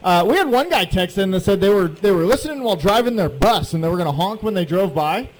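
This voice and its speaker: A man with a high voice telling loose, rambling stories about himself on live sports radio. His delivery is self-deprecating and easygoing, with lots of restarts. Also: lively intonation, fast. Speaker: former college football player and radio guest. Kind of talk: casual sports radio banter. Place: live remote broadcast at a venue, in the heat.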